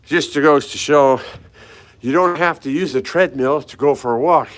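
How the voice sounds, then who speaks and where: An older man, a fitness vlogger, chats casually with live viewers while walking through hotel hallways and stairwells, greeting people by name. He's slightly out of breath from climbing stairs. His voice is on the high side and moves at a moderate pace.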